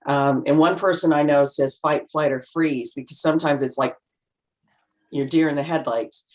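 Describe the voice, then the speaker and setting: A woman's voice: low-pitched, moderate pace. A middle-aged woman talking on a panel over a video call, chatty and full of anecdotes, acting out little quotes as she goes. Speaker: panel guest. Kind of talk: casual panel talk.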